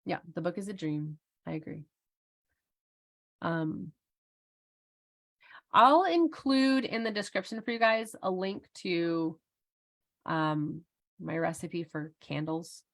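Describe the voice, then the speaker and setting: Middle aged lady chatting thru an online workshop on a video call, giggly, lots of likes and ums, kinda low voice. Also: expressive, takes it slowly, pauses often, a bit bright. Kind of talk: casual live presentation.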